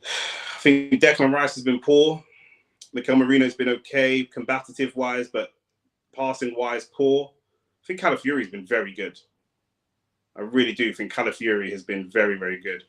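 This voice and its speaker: A young man, a fan streamer giving casual, slangy live commentary on a football match, breaking into sudden loud outbursts. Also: mid-range voice, fairly even intonation, normal speed, pauses often.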